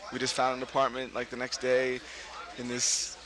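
A middle-aged man from Brooklyn, an actor being interviewed, telling stories casually and laughing often, jumping up in pitch when he quotes people. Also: normal speed, crowd noise. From Brooklyn, New York. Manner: animated, laughing, voices quotes with big pitch jumps. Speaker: actor, guest.

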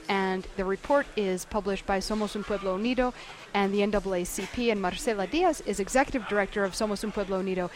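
A woman hosting a radio show, giving short affirmations and smooth guest introductions. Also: medium pitch. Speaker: radio host.

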